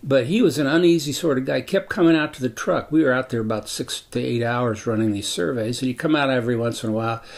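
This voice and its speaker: Gravelly elderly man recounting a memory. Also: medium pitch. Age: 80s. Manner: measured, deliberate reminiscing. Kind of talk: personal storytelling.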